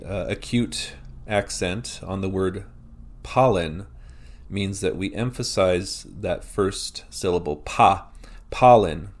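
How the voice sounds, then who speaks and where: A Canadian man teaching a recorded lesson, explaining slowly and deliberately with example words. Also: low voice.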